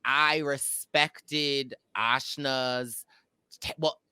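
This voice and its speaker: A man hosts a casual recap chat, his voice bright and forward. He rambles, restarts sentences and hunts for names as he talks. The sound is dry and close. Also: medium pitch, fairly even intonation, extremely slow, clean tone, dry recording. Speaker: podcast host.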